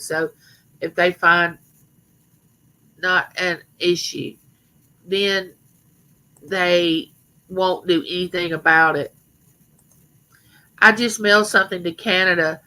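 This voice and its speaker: Middle-aged lady rambling on her live stream, rough but bright voice, talks right to the viewers. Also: lowish voice, low-quality recording. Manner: rambling, chatty, addresses viewers directly. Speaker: livestream host. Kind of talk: casual live stream chat.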